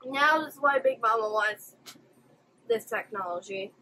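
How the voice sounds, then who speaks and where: In this rough recording with a bit of background noise, a woman reacts live to anime, gasping and exclaiming expressively. She speaks a little slowly, with a fairly high pitch.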